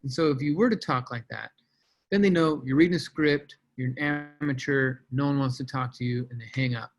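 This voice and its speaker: A man leading a sales team on a video call, coaching in a casual, energetic way and calling out team members by name. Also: mid-range voice, fairly quick, poor audio. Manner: energetic, casual, shouts out names.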